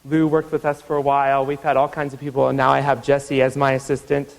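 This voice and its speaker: Fast and edged with vocal fry, this Iowa man in his thirties lectures at a university as a guest, his voice bouncing around a large lecture hall on poor audio. He's animated, telling stories and playing the quoted people with dramatic pitch jumps.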